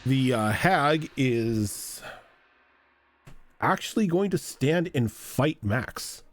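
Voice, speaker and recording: A man's voice: medium pitch, expressive, drawn-out words, faint music behind. A man narrating and ruling as game master of a tabletop game, describing scenes and explaining rules.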